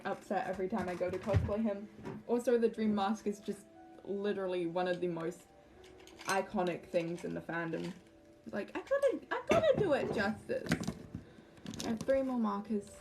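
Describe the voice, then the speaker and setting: A young woman talks her chat through a tricky craft job, fretting and rambling as she works. Her voice has a gravelly fry to it, and soft music plays faintly behind her. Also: medium pitch. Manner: anxious, rambling, talks to chat while drawing. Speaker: livestreaming cosplay maker. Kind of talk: casual livestream chat while crafting.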